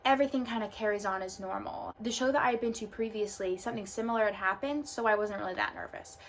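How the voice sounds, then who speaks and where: A woman's voice: mid-range voice, fast talker. Young woman telling a story, lots of fillers. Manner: casual, filler-heavy storytelling. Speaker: vlogger. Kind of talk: storytime vlog. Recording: faint background noise.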